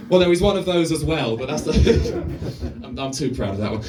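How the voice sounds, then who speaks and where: A man's voice: on the high side, expressive, moderate pace, pauses often, distant mic, a loud crowd, very noisy. A man doing a stand-up set on stage, rambling, swearing and laughing at his own jokes. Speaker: stand-up comedian. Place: live venue stage.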